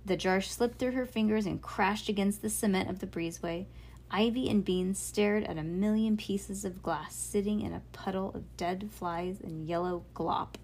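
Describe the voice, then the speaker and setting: A woman's voice: mid-range voice, normal speed, a little mellow. A woman reading a children's book aloud in an informal way, stopping now and then to correct her own misreadings. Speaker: reader.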